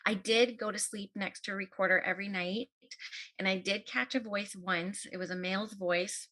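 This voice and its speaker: A woman's voice: mid-range voice, steady tone, moderate pace, sharp tone, poor audio. A woman hosting an interview in casual chat, talking with lots of filler words. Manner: chatty, many fillers. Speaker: podcast host.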